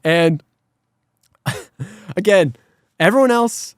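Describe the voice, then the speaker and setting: A man's voice: sits high, expressive, slow, clean tone, no echo, clean studio sound. A man co-hosting a podcast, retelling a cartoon episode in casual chat, acting out lines and sound effects and swearing freely. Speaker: podcast co-host.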